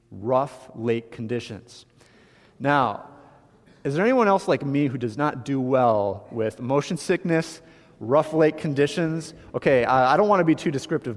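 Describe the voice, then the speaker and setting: Animated preacher man in a reverberant hall. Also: mid-range voice. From Michigan. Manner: animated storytelling, emphatic swings in loudness. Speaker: pastor. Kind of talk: sermon.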